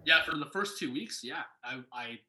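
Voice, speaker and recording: Bright-voiced young man telling a story. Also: fairly high pitch, normal speed. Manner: animated, acts out quoted voices. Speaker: guest. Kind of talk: storytelling in casual chat. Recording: echoey room.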